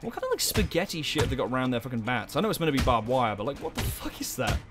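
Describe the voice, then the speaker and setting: A young man hosting a let's play, commenting in an animated, jokey way and swearing a lot. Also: mid-range voice, racing. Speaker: gaming channel host. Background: game music.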